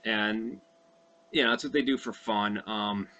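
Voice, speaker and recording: A man's voice: on the low side, measured pace, sharp tone, slight background noise. A young man casually recounting a movie's plot from memory, loose and profane, full of fillers and asides. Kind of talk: casual rambling recap.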